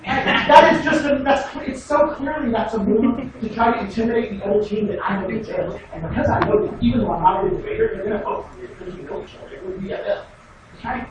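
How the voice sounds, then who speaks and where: A man's voice: very high-pitched, highs cut off. A man giving a casual classroom lecture on debate, wry and sarcastic, sometimes mocking students in put-on voices. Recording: echoey room from far off, noisy.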